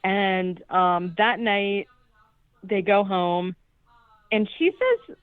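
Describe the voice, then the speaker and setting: A woman's voice: medium pitch, very slow, smooth, no echo. A woman podcast co-host recapping a horror movie in a chatty, profane way, with lots of "like". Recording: tinny phone-like, dry sound.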